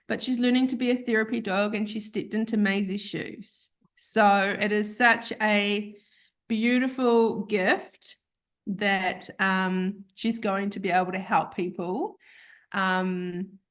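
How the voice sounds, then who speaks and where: Chatty woman telling a story. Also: mid-range voice. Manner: chatty, animated, acts out quoted voices, laughs often. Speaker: guest. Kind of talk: casual storytelling.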